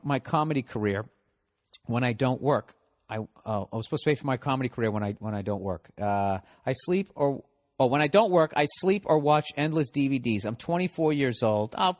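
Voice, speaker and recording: A man's voice: medium pitch, no room sound. Sarcastic Boston man with a dry voice. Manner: sarcastic, mocking, profane. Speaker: podcast host reading listener mail. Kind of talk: casual comedic rant. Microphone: studio podcast mic.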